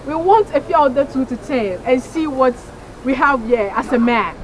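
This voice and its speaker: A woman's voice: sits high, animated, moderate pace, crowd noise, poor audio. Woman playing a bossy Ghanaian dating-show host. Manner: bossy, mixes English with local language. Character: bossy woman hosting a blind date show. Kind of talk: comedy sketch acting.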